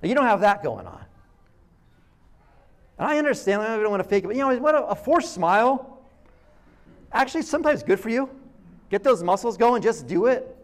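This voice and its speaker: A middle-aged male pastor with a high-pitched voice preaches to his congregation. He talks in a loose, conversational way, telling stories and voicing people's thoughts as he goes. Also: moderate pace, long pauses. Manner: conversational, animated storytelling with acted quotes. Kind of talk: sermon.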